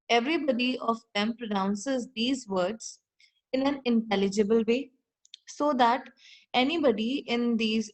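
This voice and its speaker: A woman with a fairly high voice and an Indian English accent gives an explanatory literature lecture, captured in a low-quality recording. She reads passages aloud, restates them in her own words and poses rhetorical questions.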